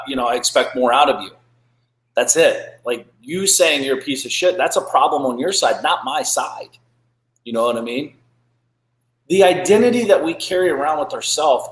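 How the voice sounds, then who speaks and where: A man's voice: on the high side, a bit bright, roomy sound, poor audio. A man in his thirties hosting a podcast, giving blunt motivational talk that is preachy and full of swearing. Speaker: podcast host.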